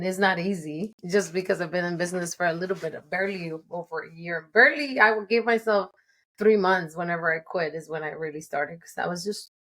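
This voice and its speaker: A woman's voice: fairly low pitch, fairly bright tone. A woman in her forties with a non-native English accent, hosting her own podcast in a candid, chatty solo talk that is broken up by frequent laughs. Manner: candid and chatty, laughs often between thoughts. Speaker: podcast host. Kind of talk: casual solo podcast monologue.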